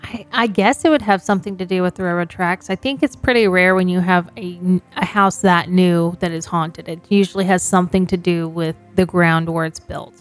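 A woman's voice: on the low side, fairly even intonation, moderate pace, few pauses, soft background music. A woman co-host chatting casually about a ghost story, thoughtful and a little hesitant. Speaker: podcast co-host. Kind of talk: casual chat.

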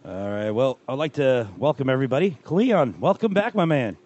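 A man hosting a casual sports podcast with friends, upbeat and running the show with quick greetings. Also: medium pitch, lively intonation, a little mellow, muffled recording. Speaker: podcast host.

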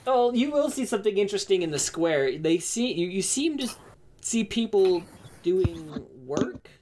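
A woman's voice: medium pitch, big pitch swings, darkish tone. Laughing young woman game master. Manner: laughs often, halting restarts. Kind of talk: narrating a tabletop game.

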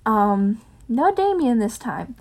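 A woman's voice: a little high, very animated, takes it slowly, darkish tone. A woman reading a fan fiction chapter aloud, then chatting in an afterword with lots of ums. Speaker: fanfiction reader. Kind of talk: audiobook narration of fan fiction.

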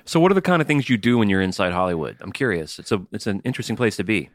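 A man's voice: on the low side, animated, rapid-fire, dry recording, clean studio sound. A man co-hosting a podcast, talking candidly and reflectively, playing along with his partner's jokes. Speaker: podcast co-host. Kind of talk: casual chat.

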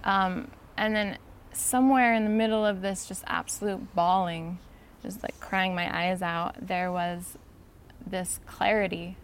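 A woman's voice: medium pitch, fairly even intonation, a little slow, slight background noise. A young woman from Utah, a podcast guest telling a personal story in an earnest, emotional way with lots of casual fillers. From Utah, USA. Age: young adult.

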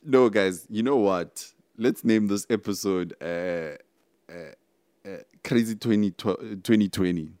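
A man's voice: fairly low pitch, a little slow, no room sound. Young South African male podcast host, rambling casual delivery, dry close-mic sound. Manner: animated, rambling, talks straight to listeners. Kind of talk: casual solo podcast talk.

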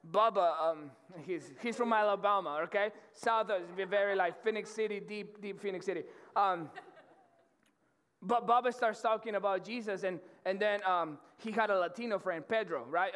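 A man's voice: high voice, a bit bright, clean tone. A man preaching a casual sermon to college students, talking in a loose, slangy way with lots of restarts and a habit of asking "right?" to the crowd. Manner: conversational and slangy, with many restarts and repeated "right?". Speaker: pastor. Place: church auditorium. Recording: long reverb of a large hall.

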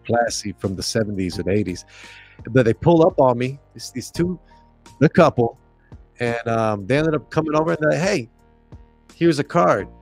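A young man casually telling a story on a podcast, acting out the voices of the people in it and laughing often. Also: medium pitch. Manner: animated, acts out quoted voices, laughs often. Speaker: podcast storyteller, former club DJ.

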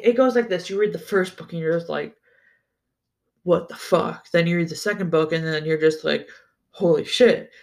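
A podcast host chatting alone about a book series, enthusiastic and swearing freely, often stumbling and restarting sentences. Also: medium pitch. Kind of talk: casual solo book-review chat.

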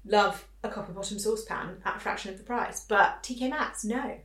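Teasing, quick-witted woman in her thirties, podcast co-host; roomy sound, slightly off-mic. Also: mid-range voice, a bit bright, far from the mic. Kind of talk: casual chat.

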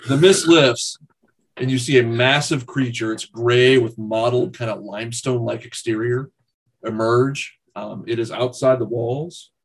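A man's voice: medium pitch, fairly even intonation, normal speed, husky. A man narrating as game master of a tabletop game, in a casual, fillered way with the odd swear word.

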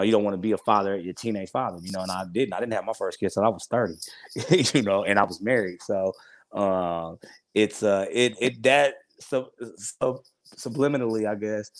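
A podcast guest in his forties, a man with a lowish voice, speaks openly in a casual interview. He's heartfelt and rambling, frequently restarting his sentences, and the recording is dry.

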